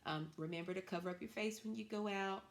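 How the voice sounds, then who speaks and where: A woman teacher giving an online reading lesson to young children, encouraging and slow, drawing out her words clearly. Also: mid-range voice.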